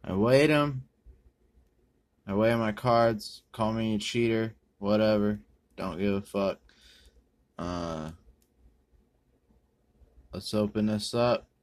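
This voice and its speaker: A man rambling through a pack opening, correcting himself and using many ums and uhs, with sudden bursts of excitement. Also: on the low side, slow pace, pauses often. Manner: bursts of excitement over good pulls. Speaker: card-opening video host. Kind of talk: casual pack-opening commentary.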